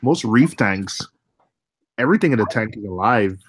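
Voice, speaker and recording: A man from Jamaica hosting a casual group chat, talking in an animated, baffled way with lots of laughter. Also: fairly low pitch, normal speed, background noise. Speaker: host.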